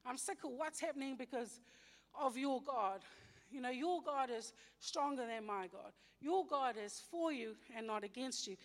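Angry fed up pharaoh done by a woman, high voice, long reverb. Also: moderate pace, lightly acted. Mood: exasperated. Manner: exasperated, dismissive. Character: fed-up, angry Egyptian male king.

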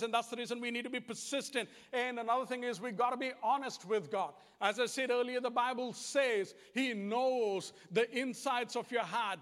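Kiwi guy preaching, fairly high voice, earnest and repeats himself, echoey hall sound. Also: fairly bright tone. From New Zealand. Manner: earnest, repetitive, plain-spoken. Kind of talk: conversational sermon. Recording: long hall reverb.

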